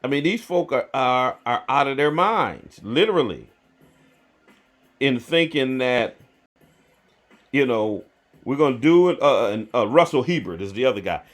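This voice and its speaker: Slow, emphatic man on a livestream. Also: medium pitch. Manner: emphatic and slow, repeating flat denials, answering viewer comments. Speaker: bishop and livestream host. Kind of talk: heated livestream commentary. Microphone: livestream to phone or computer.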